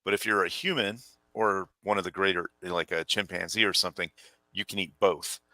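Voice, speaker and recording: A man chatting casually on a podcast panel, explaining things in a relaxed, rambling way. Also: low voice, a little fast, no echo. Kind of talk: casual chat.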